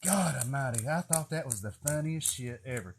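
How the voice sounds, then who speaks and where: A man's voice: medium pitch, lively intonation, normal speed, slight background noise. A man, telling a funny story in a casual, profane, folksy way.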